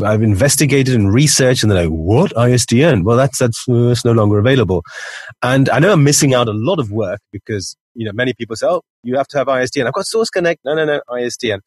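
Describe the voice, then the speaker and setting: Male voiceover guest, transatlantic neutral accent, husky voice, dry close recording, chatty. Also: medium pitch, no room sound. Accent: international English, mixed. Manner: chatty, many restarts, candid. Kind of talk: casual panel talk.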